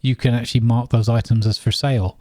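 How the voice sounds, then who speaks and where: A man's voice: mid-range voice, little pitch movement, quick pace, mellow, no room sound, clean studio sound. A man co-hosting a casual gaming podcast, rambling along with lots of fillers and restarts. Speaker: podcast co-host.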